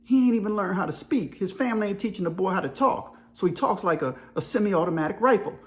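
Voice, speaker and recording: A man's voice: high-pitched, expressive, fast talker. A middle-aged man telling a story in a casual monologue, acting out voices and sound effects and laughing often. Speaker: storyteller and channel host.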